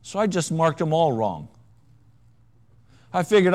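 A man preaching a sermon, with a wry, self-mocking humor and dramatic swings between hushed and loud delivery. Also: fairly high pitch, big pitch swings, a little slow. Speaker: pastor.

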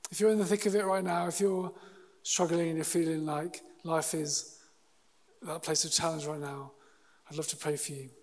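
A man preaching a sermon in an earnest, halting way, often restarting his sentences. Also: fairly high pitch, level tone, darkish tone, long reverb tail. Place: church hall.

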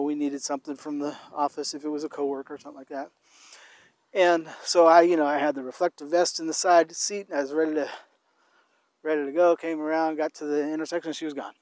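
A man's voice: a little high, flat delivery, a little mellow, dry recording. A man chatting casually about faith and love, rambling and restarting often as he talks while walking outdoors. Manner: rambling, halting with many restarts. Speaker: co-host.

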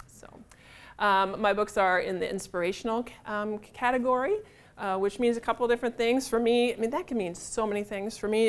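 A middle-aged woman author, giving a chatty, animated talk to a live audience in a room. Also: mid-range voice. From United States. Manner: chatty, animated, self-deprecating humor.

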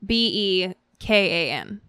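A woman's voice: fairly low pitch, big pitch swings, takes it slowly, pushed and bright, clean tone, dry recording, clean studio sound. A woman co-hosting a casual podcast, giggly, playful and a little apologetic. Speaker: podcast co-host. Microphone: studio mic.

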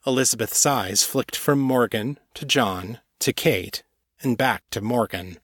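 A man narrating a fantasy story in a measured, deliberate way. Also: medium pitch, fairly bright tone, no echo, clean studio sound. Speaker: audiobook narrator. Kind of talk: scripted fiction narration.

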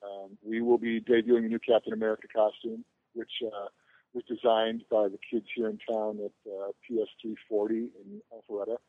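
A man's voice: lowish voice, level tone, a little fast, no echo. A man guesting on a podcast, telling long rambling anecdotes with self-mocking jokes. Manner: rambling, joking storyteller. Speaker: podcast guest, convention organizer. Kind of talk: casual podcast chat. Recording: tinny phone line.

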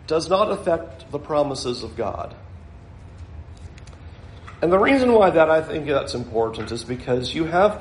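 A man with a notably high voice gives an earnest, reflective sermon, walking his listeners through scripture and pausing to let points sink in. His words ring out in a roomy, echoing space. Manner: earnest, reflective preaching with light chuckles. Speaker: preacher. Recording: echoey room.

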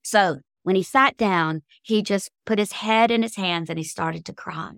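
A woman's voice: mid-range voice, a little slow, gravelly, fairly bright tone, dry recording, clean studio sound. A middle-aged woman, a guest author, telling heartfelt faith-based stories in an interview with an earnest, emotional manner.

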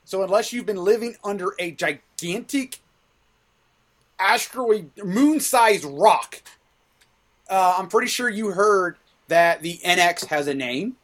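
A man's voice: high-pitched, a little slow, a bit bright. A man hosting a casual gaming podcast, often stumbling and restarting his sentences as he talks.

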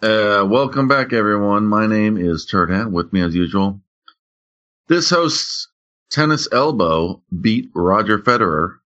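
A relaxed man co-hosting a gaming podcast, drawling slowly with a voice that swings up and down as he jokes and laughs. The audio is somewhat dull and lo-fi, like a home podcast setup. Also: on the low side. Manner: laid-back, laughs often, swears casually. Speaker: podcast host. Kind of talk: casual podcast banter.

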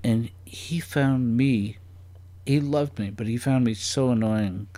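A man's voice: medium pitch, slow pace, mellow. A man chatting as a guest on a comedy podcast, rambling and curious, firing off playful questions. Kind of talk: casual podcast chat.

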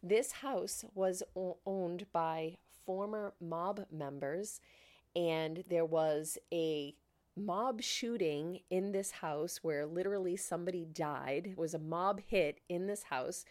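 Animated area woman telling a story. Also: on the low side, slow pace. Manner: animated, laughing, acts out quoted dialogue. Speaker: podcast host. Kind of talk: casual storytelling monologue.

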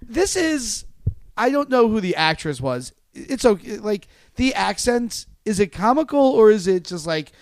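A man with a high voice riffs on a show in a casual chat, full of jokes and fillers. His pitch swings widely. The sound is dry and close. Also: very animated, unhurried, no echo. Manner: chatty, jokey, full of fillers. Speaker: podcast co-host.

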